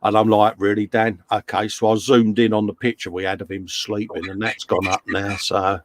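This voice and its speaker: A man's voice: lowish voice, little pitch movement, normal speed, no room sound. A middle-aged British man hosting a casual live stream from his workshop, chatting and reading out viewers' messages. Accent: British English. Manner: chatty, reads out chat messages. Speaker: host. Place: home workshop.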